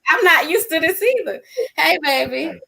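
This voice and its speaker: A middle-aged woman with a high voice recounts a personal ordeal as an interview guest. She tells it with lively energy and slips into the voices of the people in her story. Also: normal speed, vocal fry, low-quality recording. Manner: acts out quoted dialogue in lively voices. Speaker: interview guest sharing a testimony.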